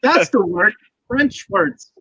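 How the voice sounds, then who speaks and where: Male streamer, crisp bright tone, dry mic, foul-mouthed and rambling. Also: extremely high pitch, sing-song, slow, no room sound, low-quality recording. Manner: profane, ranting, rambling. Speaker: livestream host. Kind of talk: casual livestream chat.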